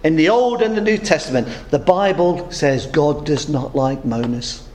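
A man's voice: a little high, moderate pace, a little mellow, slight background noise. A man preaching a sermon, weaving humorous stories into his teaching. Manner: storytelling with humorous anecdotes. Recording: roomy echo.

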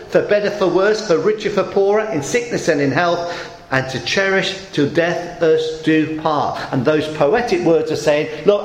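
A man preaching a sermon, mixing plain teaching with a joke told in lively storytelling. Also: high voice. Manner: storytelling with jokes, rising emphasis. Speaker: pastor. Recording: echoey room with faint noise.

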